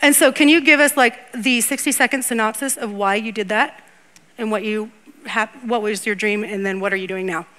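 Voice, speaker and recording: A woman pastor preaching on a church stage and interviewing guests, in a lively, chatty, laughing way. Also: mid-range voice, normal speed.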